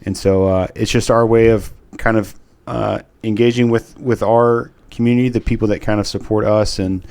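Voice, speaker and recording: A man's voice: fairly low pitch, steady tone, moderate pace, darkish tone, clear, resonant tone, no room sound. Earnest man co-hosting a podcast. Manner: earnest, repeats words as he talks. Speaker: podcast co-host. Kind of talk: casual podcast chat.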